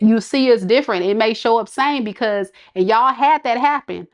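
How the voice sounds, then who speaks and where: A woman tarot reader scolding her live viewers in an exasperated, laughing rant. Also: fairly high pitch.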